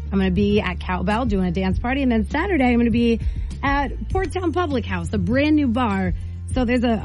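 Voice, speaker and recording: A woman's voice: medium pitch, darkish tone. A young woman hosting a morning radio show, chatty and teasing as she talks with callers in a studio. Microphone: studio mic.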